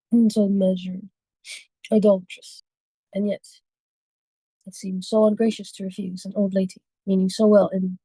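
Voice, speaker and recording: A woman reading a novel aloud for a book club, steady but with small slips and self-corrections. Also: medium pitch, husky, dry recording, low-quality recording.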